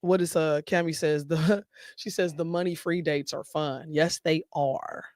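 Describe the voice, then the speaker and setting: Woman podcast host, blunt and animated, dry close mic. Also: low voice, a little slow, dry recording. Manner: blunt, animated, speaks with conviction. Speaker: show host. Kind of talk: casual podcast chat.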